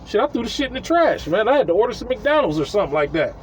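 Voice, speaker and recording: A man telling a casual, profane story, animated and chuckling as he acts out what people said. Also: high voice, rapid-fire, slight background noise, poor audio.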